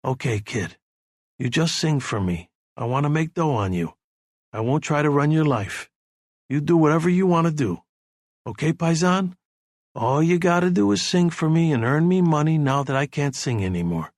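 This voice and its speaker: A tired, gruff former star singer, as a narrator voices him, speaking low and soothing in street slang. The delivery is close-miked and dry, with no room sound. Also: male voice, normal speed, dry recording, close to an everyday voice. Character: world-weary former star singer, grown man.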